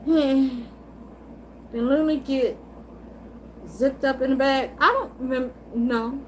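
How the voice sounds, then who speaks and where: A high-pitched woman hosts a casual livestream, answering her chat while gossiping about soap operas. She's animated, swears freely, and laughs often, though she takes it slowly. The rough recording carries a faint hiss behind her voice.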